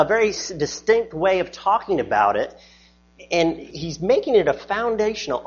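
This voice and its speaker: A man's voice: on the high side, breathy edge, muffled recording. A man preaching a sermon as pastor, earnest and emphatic, often repeating words as he restarts a thought.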